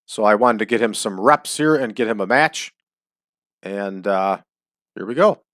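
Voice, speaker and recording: A man talking casually over a wrestling booking game, with chatty asides and drawn-out hype calls. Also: on the low side, animated, a bit bright, no room sound, studio quality. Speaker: wrestling sim game host.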